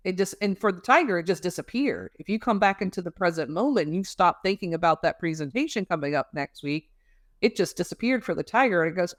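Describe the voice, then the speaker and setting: A woman, a guest expert on emotional regulation, explains things calmly in casual interview talk, using many fillers and homely images. Her voice is lowish and brisk, and the recording is dry.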